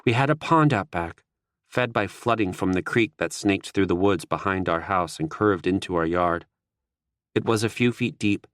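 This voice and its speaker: Low-voiced male audiobook narrator. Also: fairly bright tone, no room sound, clean studio sound. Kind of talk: first-person audiobook narration.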